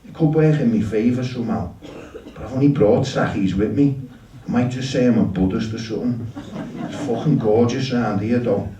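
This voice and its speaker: A man telling a story live in a dry, deadpan way, swearing freely. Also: mid-range voice, moderate pace, highs cut off, slight background noise. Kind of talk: live spoken-word storytelling. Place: shop venue with audience. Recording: roomy shop, mic at a distance.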